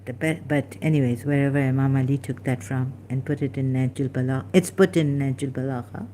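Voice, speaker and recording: A woman's voice: extremely low pitch, steady tone, brisk, warm tone, a little hiss or hum. A woman speaking casually to camera, hesitant and searching aloud with many fillers and restarts as she looks up verses. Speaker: ex-Muslim commentator. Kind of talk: casual monologue while looking up verses.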